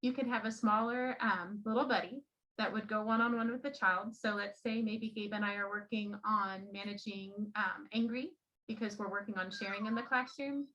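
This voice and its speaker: A teacher trainer with an ordinary-pitched voice leads a classroom demonstration for fellow teachers, explaining patiently and gently while steadying a child next to her. She speaks at a normal speed with fairly even intonation. The audio is somewhat muffled and lo-fi.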